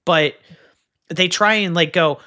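A man discussing a film in a casual podcast chat, animated and quick to pile on his points. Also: fairly high pitch. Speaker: film reviewer.

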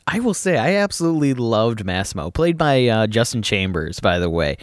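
A man co-hosting a casual movie review podcast, relaxed and chatty. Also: mid-range voice, a little fast, no echo. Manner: relaxed, chatty, with frequent "uh" fillers. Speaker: podcast co-host.

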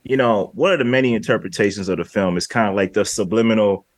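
A man's voice: fairly low pitch, fast, dry recording, studio quality. A man co-hosting a casual film discussion podcast, rambling through scenes and acting out lines from the movie. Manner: rambling, acts out movie lines in quoted voices. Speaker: podcast co-host.

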